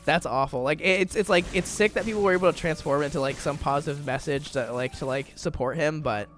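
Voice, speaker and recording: Over soft background music, a man in his twenties talks fast while playing a game, wandering through filler-heavy stories as a gaming YouTuber doing casual let's-play commentary. His voice is fairly high and fairly bright.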